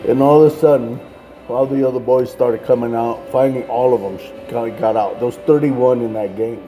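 A street minister tells a story in a relaxed, rambling way, leaning on "like" and "man". His voice is dark and mellow. Soft music plays faintly under him. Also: medium pitch, fairly quick, low-quality recording. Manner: casual, fills with like and man. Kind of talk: telling a personal story.

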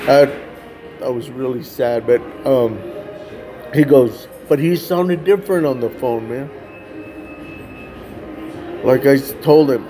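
Mellow-voiced man telling a testimony. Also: medium pitch. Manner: casual, repeats "man" and "like", acts out quoted voices. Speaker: street evangelist. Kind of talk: testimony storytelling.

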